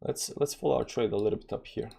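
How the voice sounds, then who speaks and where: Talking fast in a fairly low, gravelly voice that's warm with a breathy edge, this Balkan-accented man from the former Yugoslavia offers casual, rambling live commentary on crypto trading. He leans heavily on fillers and keeps reading numbers out loud.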